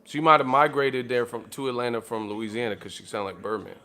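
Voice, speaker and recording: Male channel host, casual storyteller, animated and profane, laughs often. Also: mid-range voice, brisk.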